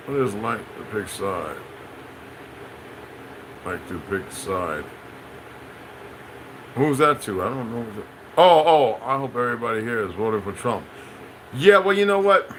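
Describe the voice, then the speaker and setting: A man's voice: mid-range voice, bright, forceful tone, slight background noise, poor audio. A man hosting a livestream, talking in a loose, meandering way, repeating himself and speaking straight to viewers in the chat. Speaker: livestream host. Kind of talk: rambling livestream monologue, answering chat.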